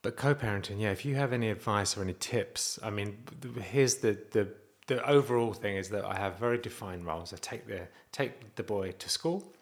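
A man's voice: lowish voice, a little fast. A man talking candidly to camera in a personal vlog about being a dad, earnest and rambling, often restarting his sentences. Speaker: vlogger and father.

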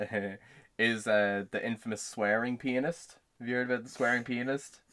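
A man's voice: medium pitch, steady tone, moderate pace, sharp tone. A young man chatting casually as a podcast co-host, rambling with many fillers. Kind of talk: casual chat.

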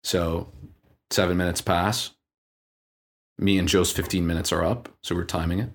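A man co-hosting a podcast, telling a story in a casual, animated way. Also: low voice, normal speed. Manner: animated storyteller, acts out dialogue. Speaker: podcast co-host.

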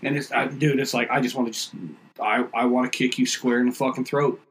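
A man's voice: medium pitch, brisk, rough recording. A man in casual podcast chat, telling rambling, profane stories and acting out other people's lines. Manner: rambling, profane storytelling with animated quoted outbursts.

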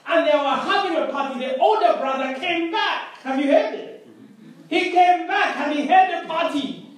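A middle-aged preacher in a roomy hall, swinging from emphatic outbursts to hushed, intimate stretches. The speaker repeats words and keeps asking the congregation for a response. The sound carries a wide, echoing room. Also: high-pitched, normal speed, a faint crowd. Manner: animated, swings from loud emphatic to quiet intimate. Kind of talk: sermon. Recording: roomy echo.

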